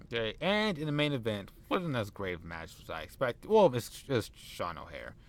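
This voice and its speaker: A man's voice: mid-range voice, very animated, normal speed. Laid-back man narrating a wrestling sim. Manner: casual, rambling and joking. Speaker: let's play host.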